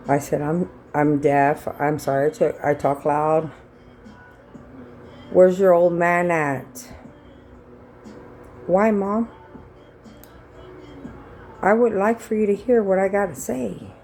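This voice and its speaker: A woman's voice: on the low side, fairly even intonation, slow, long pauses, a little mellow, faint music behind, low-quality recording. A middle-aged woman, telling a rambling, blunt story in a casual vlog and acting out what people said. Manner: rambling, blunt and salty, reenacting dialogue. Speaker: vlogger.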